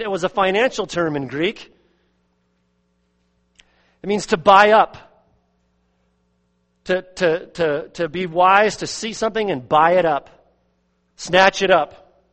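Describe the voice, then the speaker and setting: A man preaching an expository sermon as pastor, earnest, repeating words and swinging from loud emphasis to quiet asides. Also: on the high side, in a large hall. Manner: earnest, repeats words, rises and drops sharply in volume.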